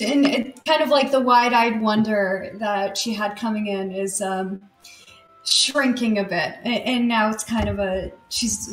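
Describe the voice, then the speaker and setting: A woman plays in a tabletop game, describing what her character does in a chatty, hesitant flow. Her medium-pitched voice sounds roomy and echoey. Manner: chatty, hesitant, many fillers. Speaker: player.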